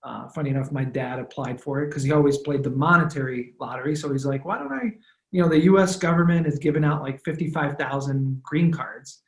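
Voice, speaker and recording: A man in his thirties, born in Romania, recounts his past in a relaxed, thoughtful manner, stopping often to restart a phrase. His voice sits at an average pitch. It rings with a clear room echo. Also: fairly quick, hardly any pauses. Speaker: guest, former football punter. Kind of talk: casual interview storytelling.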